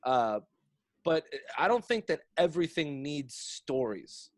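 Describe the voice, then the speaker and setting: A man's voice: a little high, big pitch swings, a little slow, no echo. A man hosting a podcast, talking casually in a wry, sarcastic way and swearing freely. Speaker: podcast host.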